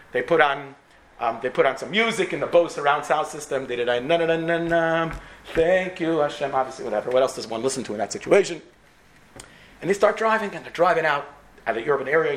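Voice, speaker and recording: A man's voice: a little high, fast talker, a little hiss or hum. A man with an American accent telling a story to students, acting out the characters. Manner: animated, acts out characters. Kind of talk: storytelling talk.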